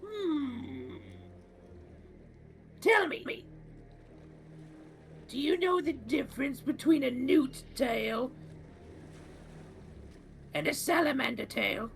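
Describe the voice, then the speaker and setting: A man voicing a screeching, cranky goblin alchemist in a tabletop game, gruff and questioning. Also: very high voice, very slow, pauses often, fairly bright tone, slight background noise, voice pushed up, heavily acted. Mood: suspicious. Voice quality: screechy, gravelly.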